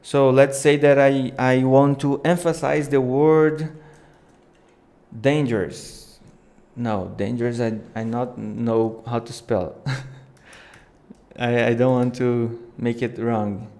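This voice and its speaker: A man hosting a live video editing tutorial, thinking aloud in unhurried, with small slips. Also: medium pitch, a little mellow. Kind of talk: live screen-share tutorial.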